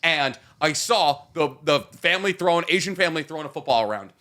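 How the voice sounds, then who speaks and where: A man with a bright, somewhat high voice rambles and jokes in casual podcast chat. His pitch swings a lot as he talks. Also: lively intonation, a little fast. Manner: rambling, joking. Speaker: podcast co-host.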